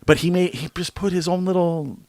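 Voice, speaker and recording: Excited swearing podcast host. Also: male voice, sits high, brisk, dry recording. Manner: excited, swears a lot, rambling. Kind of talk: casual movie review chat.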